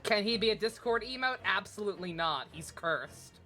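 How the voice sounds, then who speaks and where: A woman's voice: mid-range voice, lively intonation, moderate pace, sharp tone, soft background music. A woman hosting a game let's play, joking, swearing and laughing at what happens on screen. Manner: profane, joking, laughing asides. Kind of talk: gaming commentary.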